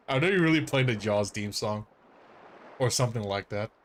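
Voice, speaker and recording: A man's voice: on the low side, expressive, a little slow. A man streaming a role-playing game, playful, laughing often and reading the game text aloud. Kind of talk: casual gaming commentary.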